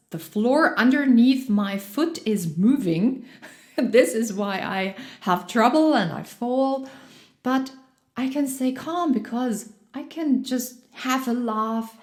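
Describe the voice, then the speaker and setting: A woman's voice: on the high side, darkish tone. A woman coach giving a motivational talk, cheerful and laughing often, recorded in an echoey room. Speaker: joy and fitness coach.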